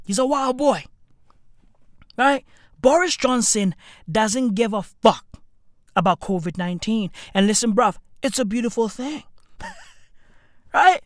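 A woman, delivering a profane comedic rant full of slang that bursts into shouting. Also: a little high, animated, unhurried, pauses often, no echo, studio quality. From South Africa.

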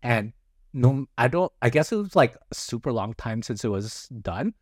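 A man's voice: medium pitch, animated, moderate pace, no room sound, studio quality. A man co-hosting a casual podcast chat, rambling with many fillers and frequent chuckles. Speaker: podcast co-host.

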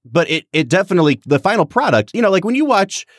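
A man co-hosting a podcast, chatting casually about a film in long, animated run-on thoughts. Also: high voice, quick pace, dry recording, clean studio sound. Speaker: podcast co-host.

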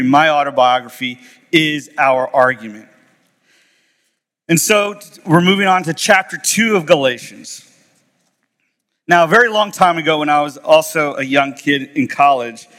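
Middle-aged pastor preaching in an echoey hall. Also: male voice, on the high side, fairly bright tone. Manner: conversational storytelling, reads scripture aloud. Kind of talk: sermon. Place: church.

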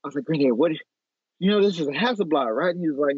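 A man from Chicago in his thirties, a photographer telling animated stories with lots of fillers in a casual interview. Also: on the high side, racing, husky, no room sound. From Chicago, USA. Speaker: photographer guest. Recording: tinny phone-like line, dry.

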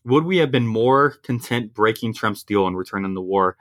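A man's voice: fairly low pitch, normal speed, a bit bright. A man co-hosting a casual podcast, wry and joking, sometimes laughing as he talks. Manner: wry, laughs through his jokes. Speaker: podcast co-host. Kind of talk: casual chat.

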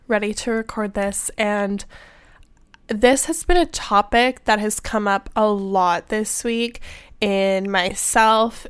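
A young woman hosting a self-development podcast, talking in a soft, meandering, casual way with a slightly stuffy voice from a recent illness. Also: medium pitch, smooth, dry recording, clean studio sound. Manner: soft-spoken, meandering, with fillers. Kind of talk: casual reflective podcast talk.

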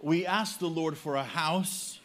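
A man's voice: fairly high pitch, a little slow, fairly bright tone. A man preaching a sermon in short phrases for an interpreter, telling a humorous personal story.

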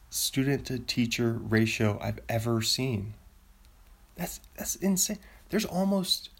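Man, slow unhurried talk, husky gravelly tone, thinking aloud, amazed by stats. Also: medium pitch. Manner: thinks aloud, easily amazed, laughs at himself. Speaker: vlogger. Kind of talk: casual commentary while looking up sports stats.

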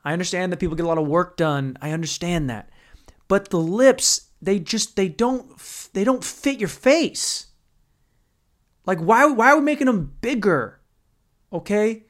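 A man's voice: sits high, measured pace. Crude, rambling man ranting comedically. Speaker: podcast host. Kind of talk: comedic rant.

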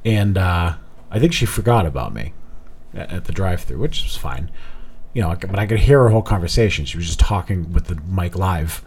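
A man's voice: low-pitched, animated, brisk, a little mellow, slightly rough. A man chatting casually on a podcast, joking and swearing as he tells a story. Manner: joking, profane, emphatic. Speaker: podcast co-host. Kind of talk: casual chat.

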